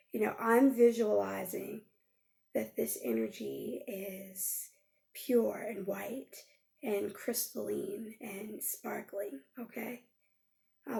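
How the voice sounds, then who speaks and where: A woman coach guides listeners through a healing exercise, her voice sitting a little high but heavily gravelly with vocal fry. Her tone is mellow and relaxed rather than bright. She speaks gently and coaxingly, drawing out phrases and checking in often with a soft "okay?". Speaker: life coach.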